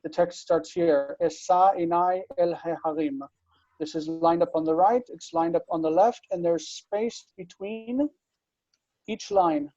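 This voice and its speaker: A man teaching Biblical Hebrew in an online class, explaining slowly and patiently and often checking that students follow. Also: a little high, warm tone, dry recording, highs cut off. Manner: slow, patient explaining with frequent checks for understanding.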